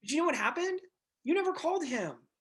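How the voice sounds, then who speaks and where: A man coaching a group of real estate agents over a video call, blunt and animated, swearing and acting out little scenes. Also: very high voice, quick pace.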